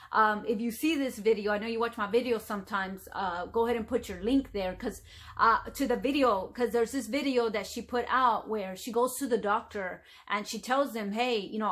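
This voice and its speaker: A middle-aged woman vlogging straight to camera in a loose, rambling way, full of fillers like "you know". Her voice sits a little high for a woman. She wanders from thought to thought in casual chat. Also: fairly bright tone. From United States. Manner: chatty, rambling, frequent fillers.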